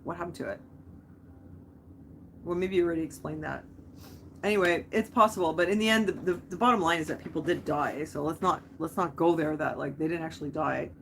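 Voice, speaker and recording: A young woman chats on a live stream in a lowish voice, rambling and wandering off on tangents. She keeps reacting to viewers' comments as she goes. A faint ambient hum sits behind her. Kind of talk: casual live-stream chat.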